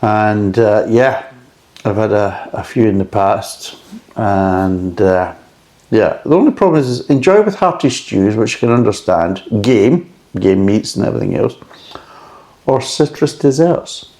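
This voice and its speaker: A man's voice: lowish voice, lively intonation, measured pace, mellow. A middle-aged man chatting casually and frankly as he reviews a beer, rambling between thoughts.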